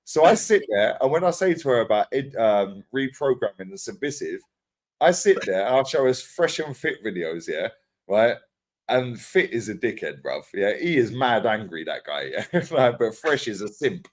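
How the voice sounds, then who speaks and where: A man talks in casual podcast chat, acting out quotes and swearing freely. His pitch jumps around a lot as he tells his stories. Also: moderate pace. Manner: animated storytelling, acts out quotes, swears freely, lots of slang. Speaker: podcast co-host.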